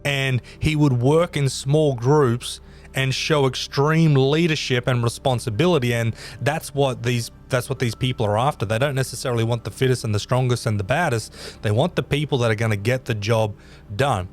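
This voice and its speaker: A man's voice: medium pitch, normal speed, soft background music. A man hosting a podcast, telling a story in a casual, rambling way with emphatic repeats. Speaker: podcast host.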